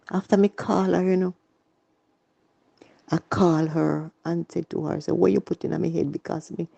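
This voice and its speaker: A woman's voice: fairly low pitch, gravelly, dark tone, dull audio. A woman with a Jamaican accent telling her personal story in earnest, repetitive Patois. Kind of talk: emotional personal testimony.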